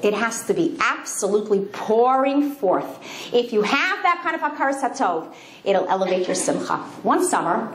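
A middle-aged woman giving an inspirational talk to a women's group, telling stories with lively acted-out quotes. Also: high-pitched. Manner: animated storytelling with sung and acted-out quotes. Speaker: speaker. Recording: echoey room with faint background noise.

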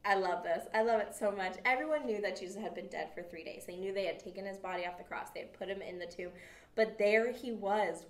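A children's ministry teacher tells a Bible story to kids with lively, animated expression. Her mid-range voice echoes around the room and sounds picked up from a distance.

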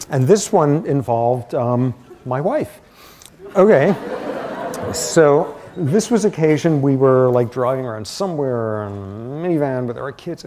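Middle-aged male lecturer, mid-pitch voice, animated anecdotal delivery. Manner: animated storytelling with asides. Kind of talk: university lecture.

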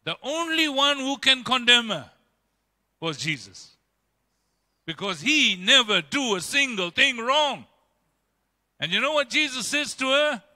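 A man preaching in a church, his voice pitched high for a man and strikingly bright and forceful. He delivers the sermon emphatically, swinging between raised and hushed passages, while a long reverb trails behind every phrase. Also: animated, measured pace, pauses often. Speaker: pastor.

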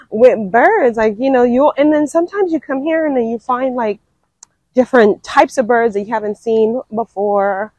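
Young woman vlogger, unhurried and chatty, slightly high husky voice, dry outdoor sound. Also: darkish tone, no echo, poor audio. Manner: chatty, lots of "like" and "um". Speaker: wildlife vlogger. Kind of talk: casual walking vlog narration. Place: outdoor park lake.

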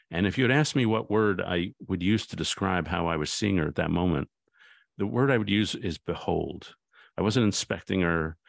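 A man's voice: deep voice, vocal fry, no room sound, studio quality. A man, a guest author, in a reflective conversation, thoughtful and anecdotal, often restarting his sentences.

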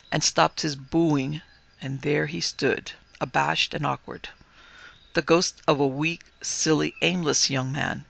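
A man who hosts a podcast, reading a ghost story aloud as dramatic narration with lively dialogue. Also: on the high side, gravelly. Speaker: podcast host and story reader. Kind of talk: scripted narration.

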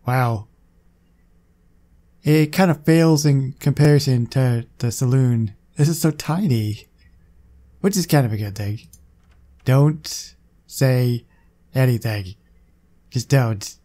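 Speaking slowly in a mid-range, dark-toned voice, a man offers casual let's-play commentary on a gaming video. He chats to himself as he plays, pausing often.

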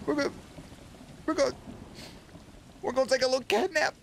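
A young man giving playful let's play commentary, excitable and baby-talking to the cats on screen. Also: very high voice, brisk, long pauses, a little hiss or hum. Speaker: gaming YouTuber.

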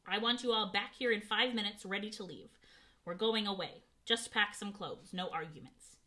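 A woman's voice: mid-range voice, moderate pace, close to an everyday voice. A woman doing a blustering angry man. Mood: tense. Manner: blustering, shouting.

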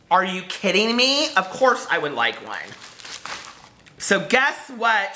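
A woman book vlogger talks casually to camera, gushing and exclaiming often. Her voice is bright and sits at a middling pitch, swooping up and down with lively energy. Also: moderate pace, slight background noise.

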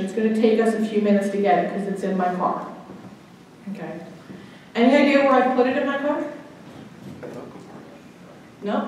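Woman guest speaker, fairly high voice, anecdotal style, distant mic in a very echoey hall. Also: darkish tone, slight background noise. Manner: chatty, storytelling, checks in with the audience. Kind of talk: anecdotal talk to a club audience. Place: meeting room.

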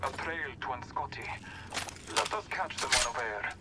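A man's voice: medium pitch, normal speed, natural voice. An actor playing a solemn male warrior hero who speaks in formal, stately phrases, heard as distant, noisy game audio. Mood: calm.

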